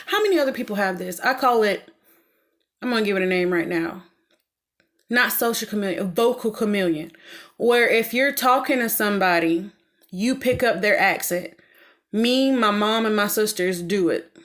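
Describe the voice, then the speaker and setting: A woman's voice: mid-range voice, a bit bright. A woman with a Southern US accent chatting casually and rambling as a vlogger while doing laundry at home. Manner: rambling, chatty, laughs often. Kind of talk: casual chat.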